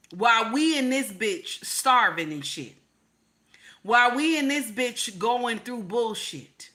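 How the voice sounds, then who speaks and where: An American woman from the United States hosts a live stream, ranting at her viewers with profanity and emphasis and repeating her points. Her voice is fairly high and sharp in tone.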